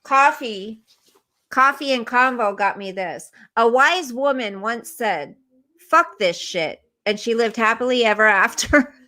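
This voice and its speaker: A middle-aged woman chatting on a livestream, her voice sitting a little high and her pace unhurried. She keeps drifting off topic as she answers comments, with plenty of laughter along the way. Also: sharp tone. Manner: chatty and easily sidetracked, laughing often. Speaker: livestream host reading chat comments. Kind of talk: casual livestream chat.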